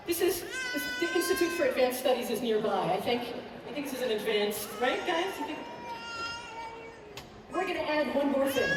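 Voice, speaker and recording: A woman hosting a children's concert, teaching young listeners in a lively, encouraging way, speaking in a large auditorium. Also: fairly high pitch, background noise. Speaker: pianist and children's concert host. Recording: echoey hall from far off.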